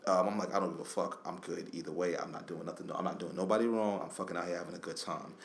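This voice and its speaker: A man co-hosting a podcast, telling a long story in casual, profane, animated chat. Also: deep voice, rapid-fire. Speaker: podcast co-host.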